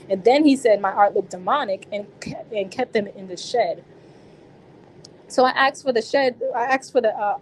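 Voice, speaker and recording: A woman's voice: a little high, a little hiss or hum, rough recording. A woman being interviewed, recounting a personal experience in casual, slangy speech with frequent restarts.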